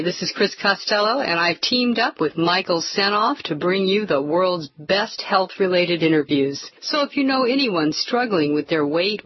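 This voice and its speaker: A woman's voice: lowish voice, husky, dull audio. A woman hosting an interview, giving a formal scripted introduction and questions. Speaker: interview host.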